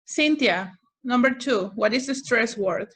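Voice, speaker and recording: A woman's voice: on the high side, animated, measured pace, husky. A woman English teacher running an online class over a video call, patiently calling on students by name.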